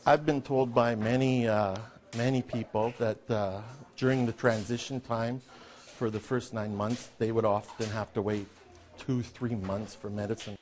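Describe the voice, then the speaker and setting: A man giving an interview, answering hesitantly with pauses as he thinks aloud. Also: lowish voice, steady tone, darkish tone. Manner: hesitant, many fillers and restarts while thinking aloud.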